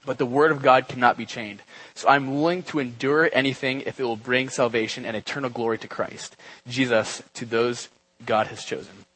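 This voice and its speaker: A young man giving a relaxed, conversational church talk, with many fillers and asides. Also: mid-range voice, moderate pace, low-quality recording. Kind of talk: casual sermon. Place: church gathering.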